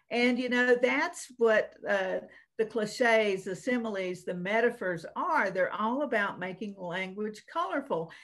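A woman's voice: mid-range voice, a bit bright. Folksy woman co-host. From Virginia / North Carolina. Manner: folksy storytelling with many fillers. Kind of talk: casual chat.

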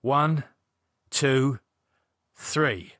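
Here is a blunt, sweary man with a dry wit, talking quickly and sardonically in a storybook horror scene, as a male reader puts him on. His voice sits at an ordinary middle pitch. The recording is close and dry, with no room sound. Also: fairly bright tone, no echo. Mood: sardonic. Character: edgy blunt man reviving a vampire.

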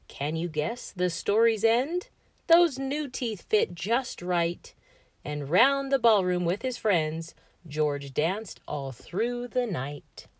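Woman reader for children's read-alouds; slow, very expressive, dry close-mic sound. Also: medium pitch, no echo. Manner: expressive, sing-song rhyming delivery. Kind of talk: read-aloud storytelling for kids.

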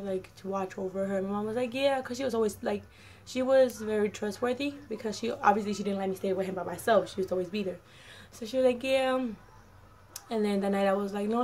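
A nineteen-year-old woman telling her own story in a casual vlog, rambling with lots of "like" and "um" and acting out what people said. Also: medium pitch. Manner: rambling, full of "like" and "um"; acts out quoted dialogue in her telling. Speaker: vlogger.

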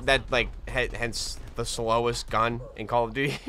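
A man giving casual gameplay commentary as a gaming video host, excitable and swearing often, with frequent laughs. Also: medium pitch, a little slow, background noise. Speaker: gaming YouTuber. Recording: game gunfire behind voice. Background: game gunfire and explosions.

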